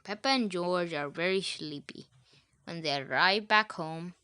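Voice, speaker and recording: A woman's voice: on the low side, lively intonation, unhurried, sharp tone, clear, resonant tone, no room sound. A woman reading a children's storybook aloud, adding chatty asides to the listener.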